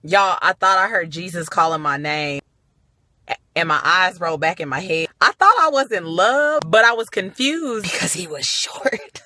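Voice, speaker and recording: Profane storyteller woman, big exclamations, bright edgy tone, phone mic. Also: fairly low pitch, expressive, moderate pace, no echo, clean studio sound. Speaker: vlogger. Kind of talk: comic storytelling to followers.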